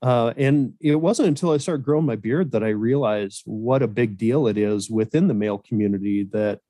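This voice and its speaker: A middle-aged man, a podcast guest, telling animated anecdotes in casual chat and laughing often, on a video call. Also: medium pitch, moderate pace, no room sound, studio quality.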